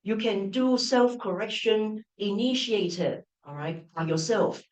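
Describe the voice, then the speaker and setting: A middle-aged woman lectures at an unhurried pace, often restarting phrases and tagging on "right?" to check in with her audience. Her voice sits at an ordinary pitch, and the lecture room gives it a roomy echo. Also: darkish tone, far from the mic, lo-fi sound. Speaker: university professor giving a lecture. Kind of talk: open-day lecture.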